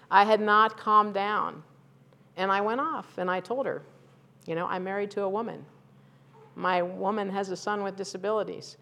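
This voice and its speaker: A woman's voice: medium pitch, fairly bright tone. A middle-aged woman pastor preaching a conversational, candid sermon that rises to fervent emphasis.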